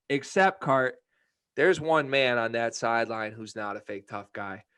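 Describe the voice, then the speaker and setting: A man's voice: on the high side, a bit bright. A young man co-hosting a casual sports podcast, talking in a fired-up, profane ranting manner. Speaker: podcast co-host.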